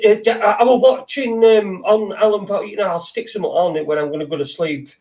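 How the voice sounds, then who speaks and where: Rambling man, high voice. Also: quick pace, darkish tone, dull audio. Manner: rambling, sweary, loses his words. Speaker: podcast host. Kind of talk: casual late-night chat.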